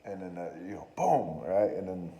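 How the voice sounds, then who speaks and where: A man with a low, very dark voice rambles through a profane comedic monologue, joking and cutting himself off. He sounds like a podcast host talking off the cuff. The recording is roomy and echoey, with faint noise behind him. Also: expressive, normal speed. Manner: profane, joking, self-interrupting.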